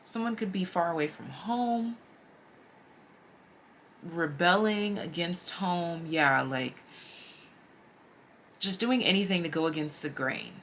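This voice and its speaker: A woman's voice: on the low side, takes it slowly, long pauses, a little hiss or hum. Chatty woman giving a tarot reading. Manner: chatty, animated, slangy. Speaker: tarot reader. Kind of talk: casual tarot reading to camera.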